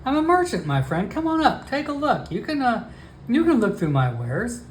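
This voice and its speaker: Man doing a pushy potion merchant, higher-pitched and lively, slow wheedling pitch. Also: a little hiss or hum, full character voice. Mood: coaxing. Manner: wheedling sales patter, calls everyone my friend. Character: pushy male merchant alchemist, chatty salesman.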